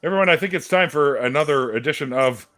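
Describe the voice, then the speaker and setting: A man's voice: a little high, fast, a bit bright, dry recording. A man hosting a casual live-stream chat, joking and tripping over his words. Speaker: host.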